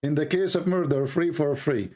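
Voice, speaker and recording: A man with an Arabic accent hosting a heated online debate, hoarse and coughing, pressing the same questions again and again. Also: fairly high pitch, normal speed, mellow. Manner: insistent, repeats questions. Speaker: debate host.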